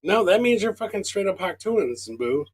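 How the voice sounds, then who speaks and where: A woman's voice: mid-range voice, sing-song, a little fast, a little mellow, slightly rough, poor audio. A woman co-hosting a casual podcast, cracking blunt, crude jokes and interrupting with slang. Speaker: podcast co-host. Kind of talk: casual joking podcast banter.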